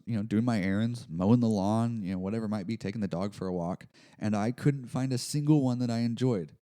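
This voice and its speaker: A man with a low, relaxed, mellow voice hosts a podcast on his own. He talks casually and rambles, doubling back on himself with fillers and a self-deprecating tone, while faint music plays underneath. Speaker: podcast host. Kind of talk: casual solo podcast monologue.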